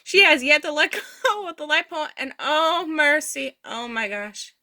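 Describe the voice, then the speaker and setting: A woman voicing a signed personal anecdote as an interpreter, casual and animated, chuckling often. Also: high-pitched, normal speed. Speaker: sign language voice interpreter.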